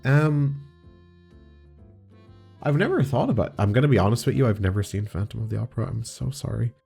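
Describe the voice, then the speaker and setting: A young man with slightly congested, allergy-stuffed speech, chatting casually and rambling excitedly as he answers viewer questions. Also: mid-range voice, brisk, gravelly, slightly rough, faint music behind. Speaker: audio roleplay creator. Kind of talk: casual Q&A chat.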